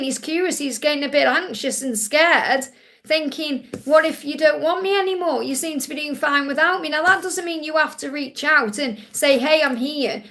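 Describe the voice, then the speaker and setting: A woman with a high, gravelly, slightly bright voice hosts a live spiritual reading stream on a tablet. As a psychic reader running a Q&A, she relays messages in a soothing, reassuring manner.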